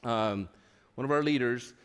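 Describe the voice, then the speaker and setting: A man's voice: medium pitch, a little slow, fairly bright tone, clear, resonant tone. A male pastor telling a personal story in a sermon, chatty and self-deprecating, stumbling over his words as he goes. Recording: long reverb of a large hall.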